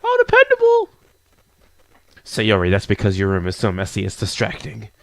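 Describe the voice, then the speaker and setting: A man hosting a game channel, reading through a visual novel in a casual, jokey way, with a hoarse voice. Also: low voice, level tone, fairly quick. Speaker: gaming channel host. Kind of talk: visual novel let's play narration.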